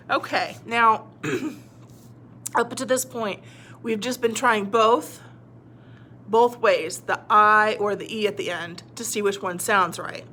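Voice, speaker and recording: A woman's voice: medium pitch, slow pace, pushed and bright, a little hiss or hum. A woman teaching a phonics lesson to young children, patiently sounding words out and cheering them on. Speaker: reading teacher.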